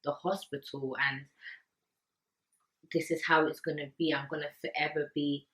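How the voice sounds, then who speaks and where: A young woman from the UK talking earnestly and emotionally to camera, pausing often and repeating words. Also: low-pitched, flat delivery, fairly bright tone, poor audio. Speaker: vlogger. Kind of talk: personal talk to camera.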